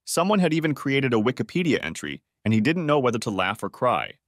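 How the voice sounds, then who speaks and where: A man reads a revenge audiobook aloud with an expressive, lively delivery. His pitch sits in the middle but moves a lot, and the recording is dry and close with no room sound. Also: fairly quick, dry recording. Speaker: narrator. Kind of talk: scripted audiobook narration.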